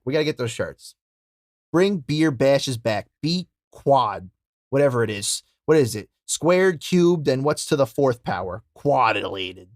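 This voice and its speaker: A young man hosting a wrestling podcast, telling stories in a loud, profane, casual way. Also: mid-range voice, no room sound, studio quality. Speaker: podcast host. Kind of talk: casual chat.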